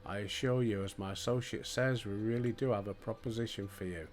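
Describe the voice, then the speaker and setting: Older Yorkshire man reading a smooth recruiter. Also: lowish voice, steady tone, fairly quick, darkish tone, faint music behind, close to an everyday voice. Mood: persuasive. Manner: reading game dialogue aloud in his own voice. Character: smooth-talking leader making a job offer.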